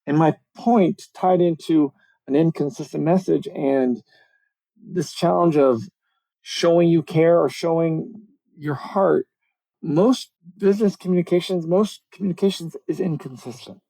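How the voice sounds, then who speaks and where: A man's voice: fairly high pitch, a little slow, vocal fry, poor audio. A middle-aged man, a communications coach, speaking animatedly on a video call interview. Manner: animated, explanatory, self-deprecating. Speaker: communications coach, podcast guest. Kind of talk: conversational podcast interview.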